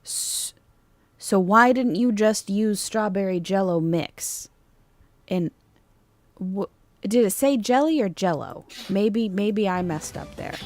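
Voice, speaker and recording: A woman's voice: medium pitch, animated, slow pace, dry recording. A woman streaming live, chatting casually and joking about herself while reacting to a cooking video. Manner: playful, self-joking, chatty asides to chat. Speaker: VTuber streamer.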